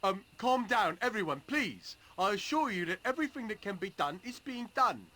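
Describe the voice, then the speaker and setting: A man putting on the voice of a flustered village mayor trying to calm an angry crowd. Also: high-pitched, normal speed, pitched above the performer's own voice, heavily acted. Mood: pleading. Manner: fretful, pleading. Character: flustered middle-aged male village mayor.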